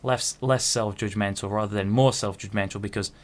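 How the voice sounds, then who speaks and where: He talks fairly quickly, his voice on the low side with fairly even intonation. A twenty-something podcast host, he rambles through a self-interrupting solo monologue with casual swearing.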